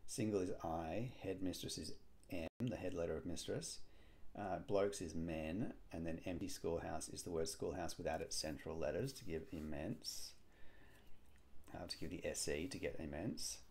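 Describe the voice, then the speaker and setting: A man solving a cryptic crossword aloud, musing and hesitant, with frequent pauses and fillers. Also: low-pitched, darkish tone. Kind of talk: thinking aloud while solving.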